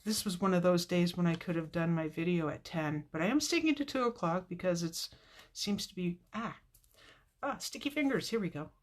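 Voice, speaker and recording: A woman's voice: fairly low pitch, moderate pace. A woman hosting a casual live card-making tutorial, chatting to viewers by name and laughing often.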